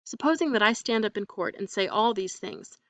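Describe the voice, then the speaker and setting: A woman reading the part of a cold, composed foreign wife who speaks with clipped, deliberate emphasis. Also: mid-range voice, no echo, far from the mic. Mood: vehement. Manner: calm, clipped, coldly emphatic. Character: cold, foreign young wife, controlled and bitter.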